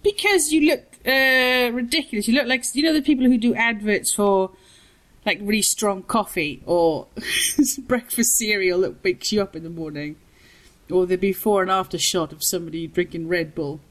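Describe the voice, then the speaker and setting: A woman's voice: medium pitch, moderate pace, fairly bright tone, rough recording. A woman who teaches, chatting and teasing playfully as a podcast co-host. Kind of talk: casual chat.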